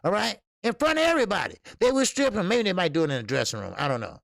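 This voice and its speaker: A man with a heavily gravelly voice and a somewhat high pitch, hosting a casual boxing livestream. He talks bluntly and profanely, laughs often, and rambles with plenty of fillers. The sound is dry and close. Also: big pitch swings, fast, fairly bright tone, dry recording. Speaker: boxing channel host. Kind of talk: casual livestream commentary reading chat.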